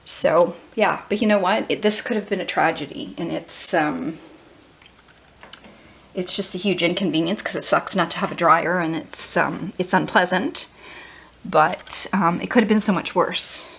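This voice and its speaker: A woman's voice: fairly low pitch, normal speed, vocal fry, fairly bright tone, a little hiss or hum. A woman home vlogger talking casually in a flustered, rambling way, her voice shaken and trembling. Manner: rambling, flustered, many fillers and restarts. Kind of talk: casual rambling vlog talk.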